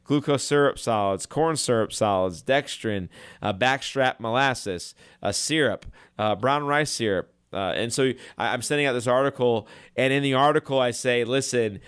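A man speaking as a chiropractor, his voice smooth and clear at an ordinary middle pitch. He talks in an earnest, conversational way, with many restarts and stories. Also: moderate pace, fairly bright tone. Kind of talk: casual talk to camera.

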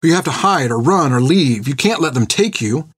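A man's voice: medium pitch, animated, moderate pace, breathy edge. A man voicing a young orphan girl, fierce and desperate, pleading in a raised voice. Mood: urgent.

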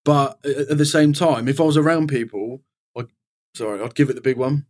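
Guy on a podcast talking fast and rambly, swears loads, says "you know" a lot. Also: mid-range voice, fairly even intonation, darkish tone. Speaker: podcast guest. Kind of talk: candid casual conversation.

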